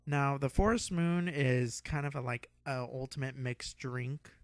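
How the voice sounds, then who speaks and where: A young man hosting a podcast, telling a rambling, excitable story with a lot of swearing and laughter. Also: mid-range voice, unhurried, dry recording. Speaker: podcast host. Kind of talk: casual storytelling.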